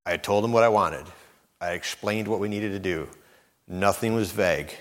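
A middle-aged preacher with a very low voice delivers a sermon at normal speed, his words ringing with the long reverb of a large hall. He's relaxed and conversational, often repeating words and acting out the voices of people in his stories.

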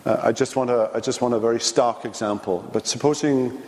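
A man preaching a midweek theology lecture in an earnest, halting way, full of fillers and restarts. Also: mid-range voice, fairly even intonation, darkish tone. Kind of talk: sermon lecture. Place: church sanctuary. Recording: long reverb of a large church.

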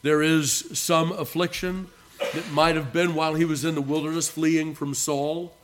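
A male pastor giving an earnest expository sermon, repeating key phrases for emphasis, with halting restarts between phrases. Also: fairly high pitch, little pitch movement, noisy background.

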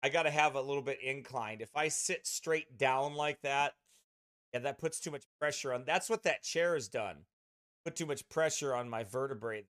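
A man's voice: medium pitch, normal speed, fairly bright tone, no echo. A man who pastors, chatting casually with his streaming congregation in a rambling way, full of restarts, speaking close to a desk mic beside his streaming computer.

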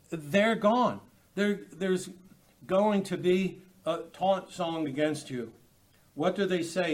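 A man teaching a Bible study, halting often with fillers and restarts as he reads and explains verses. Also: on the high side. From United States.

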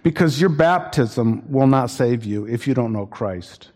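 A man's voice: medium pitch, animated, measured pace, darkish tone. A male pastor preaching a sermon with an earnest, warning manner, often restarting his sentences. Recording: long hall reverb.

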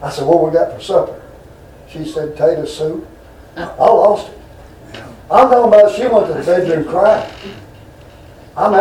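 A man's voice: high voice, moderate pace, pauses often, warm tone, recorded from a distance. A man preaching a folksy, rambling sermon full of homespun stories and asides to his congregation. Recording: roomy hall, voice from off mic.

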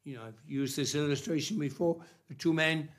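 A man preaching a sermon, unhurried and emphatic, dropping soft and then rising loud on key phrases. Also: a little high, steady tone.

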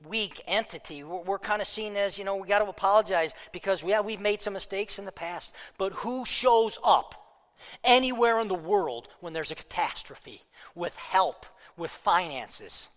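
A man preaches from the pulpit with a high, strained voice, fired up and worked up. He lurches from loud, pushing outbursts to low, muttered asides. His words ring out with a long reverb in a large hall. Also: moderate pace, few pauses. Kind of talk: political sermon.

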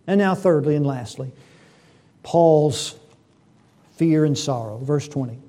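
A man's voice: fairly high pitch, expressive, slow pace, warm tone. A man preaching a sermon, reading scripture and building to fervent emphasis. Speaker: pastor.

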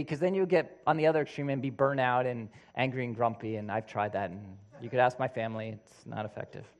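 A man preaching a conversational sermon, now and then acting out what people in his examples say. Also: medium pitch. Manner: conversational, animated, acts out quoted voices.

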